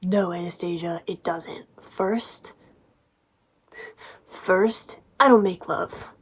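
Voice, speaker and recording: A woman voicing a brooding, domineering young rich man in a low, hushed whispered role-play. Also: very slow, gravelly, husky, full character voice.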